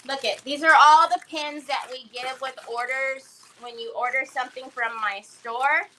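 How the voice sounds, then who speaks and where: A woman's voice: high-pitched, fairly even intonation, normal speed, sharp tone, a little hiss or hum, low-quality recording. A woman hosting a casual crafting livestream, chatting, laughing and greeting viewers by name.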